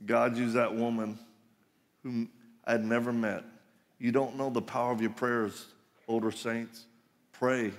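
A middle-aged conference speaker gives a live sermon in a large hall, and the recording carries that reverberant echo. His medium-pitched voice stays fairly even, moving slowly with long pauses as he shares personal stories emphatically and with jokes.

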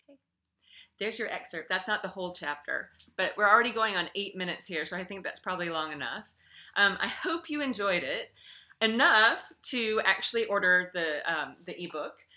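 A woman author reading her own novel aloud in an expressive way, then speaking casually to her listeners. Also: mid-range voice, moderate pace.

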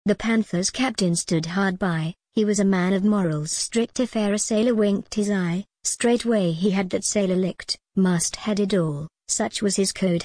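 A woman narrating a comic verse poem in a measured, rhythmic reading. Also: medium pitch, a little mellow, no echo. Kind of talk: scripted poetry reading.

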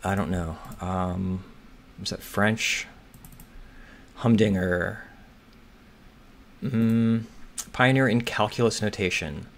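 A man's voice: fairly low pitch, slow, long pauses, a little hiss or hum. A man thinking aloud as he solves a crossword, hesitant and muttering, often turning his guesses into questions. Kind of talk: thinking aloud while solving.

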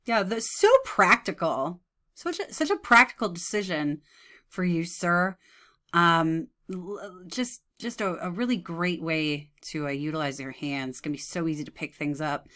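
A woman's voice: fairly low pitch, moderate pace, pushed and bright. A woman in her thirties giving mocking, sarcastic reaction commentary, often breaking into laughs. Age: 30s.

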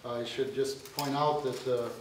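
A man's voice: mid-range voice, fairly even intonation, unhurried. A man moderating a university event, making announcements and setting up questions with hesitant fillers. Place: university lecture room. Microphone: no microphone, recorded from far off. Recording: roomy, distant, noisy.

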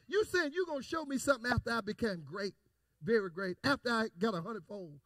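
A male pastor preaching a call-and-response sermon, repeating phrases and building to shouted emphasis. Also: very high-pitched, a little fast, no room sound, clean studio sound.

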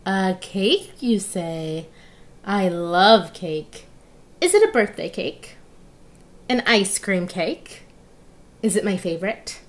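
A woman voicing an eager male lion detective who is crazy about food, with a slow, drawn-out, playful delivery. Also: medium pitch, expressive.

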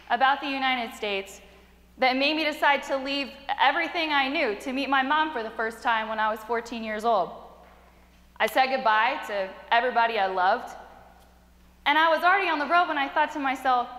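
A woman's voice: sits high, fairly bright tone. A young woman narrating as a young immigrant man. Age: young adult. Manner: earnest, measured storytelling. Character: young immigrant man recalling his journey. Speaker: student performer. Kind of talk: theatrical first-person narration. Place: chapel performance. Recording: echoey chapel with long reverb.

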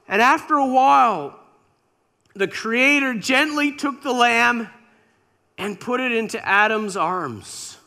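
A male preacher with a very high, bright voice tells a scripture story slowly. He retells it dramatically, painting each scene. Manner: slow, imaginative, dramatic retelling. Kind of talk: sermon storytelling.

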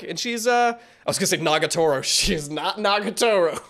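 A man hosting a reaction video in casual commentary, excitable and rambling, often stumbling over his words. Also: sits high, a little fast, few pauses.

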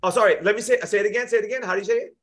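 The host talks rapid-fire in a high, fairly bright voice. He's an American man running a live trading show, casual and friendly in his live-stream chat and frequently repeating himself.

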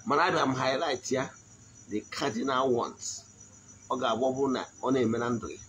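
A man giving a spiritual teaching in a slow, deliberate voice, often asking his listeners if they follow. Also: mid-range voice, a bit bright, a little hiss or hum, rough recording. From Nigeria. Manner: switches between Igbo and English, frequent check-ins. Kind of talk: spoken teaching.

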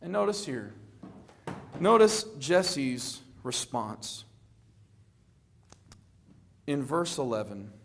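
A middle-aged man preaching a sermon, telling the story with lively acted-out quotes and a plain conversational manner. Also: extremely slow, vocal fry, pauses often. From Florida. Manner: animated storytelling, acting out quoted lines with rising pitch.

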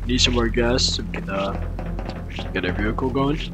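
Over music, a young gaming commentator with a mid-range voice talks through his game at a moderate pace. He rambles casually, repeats himself, and now and then bursts out in surprise.

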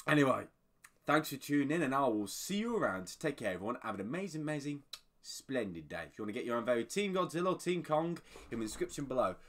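Guy rambling through a reaction video, bouncy pitch, bright tone. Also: quick pace. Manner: excitable, rambling, breaks into laughter. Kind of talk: casual reaction commentary.

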